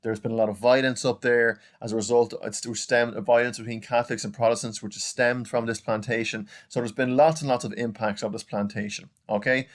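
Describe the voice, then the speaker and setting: A man's voice: mid-range voice, fairly even intonation, brisk, few pauses. A young adult man with an Irish accent, teaching a recorded online lesson in a chatty way, often saying "okay" and "guys". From Ireland.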